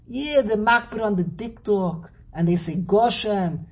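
Gravelly man running a slow, playful classroom lecture; husky edge. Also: high voice. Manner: slow, animated, teasing, repeats words while thinking. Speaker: Torah teacher. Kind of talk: classroom lecture on Hebrew grammar and verses.

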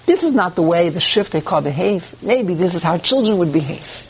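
A man's voice: high voice, normal speed, a little hiss or hum. A man teaching a Torah class who reads verses and then explains them, with rhetorical questions and the odd restart. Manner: animated, with rhetorical questions and mock dialogue; restarts and searches for words.

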